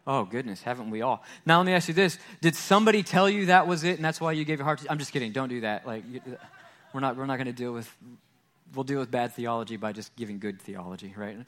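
A man's voice: mid-range voice, quick pace, fairly bright tone. A man, a pastor, giving a sermon in a conversational style, often repeating words and asking "right?".

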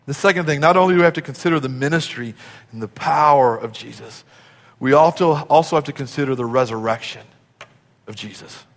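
A man preaching a sermon as a pastor. He swings from shouts down to whispers and urges the congregation to answer him aloud. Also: medium pitch, a little fast, long reverb tail. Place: church sanctuary.

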